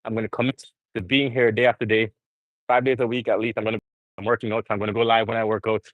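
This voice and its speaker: Low-voiced man chatting live from a gym. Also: level tone, quick pace, no echo, narrow, tinny audio. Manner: rambling, earnest, talks to viewers directly. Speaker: vlogger livestreaming from the gym. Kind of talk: casual live-stream chat.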